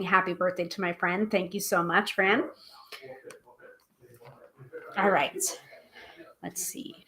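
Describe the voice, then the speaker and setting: A woman's voice: medium pitch, fairly bright tone. Chatty woman hosting a live tarot stream. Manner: chatty, self-deprecating, reads aloud from a guidebook with halting pronunciation. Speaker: tarot reader and livestream host. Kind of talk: casual live-stream chat and card reading.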